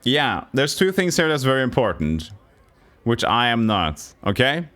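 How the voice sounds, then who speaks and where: A Norwegian man streaming a puzzle game, thinking aloud in halting, self-correcting English. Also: mid-range voice, big pitch swings, fairly bright tone. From Norway. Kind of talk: live game commentary.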